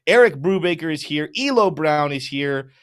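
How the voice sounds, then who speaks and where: A young adult man hosting a live crypto market stream, reading out chat names with upbeat, energetic shout-outs before moving to chart talk. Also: on the high side, normal speed, clear, resonant tone.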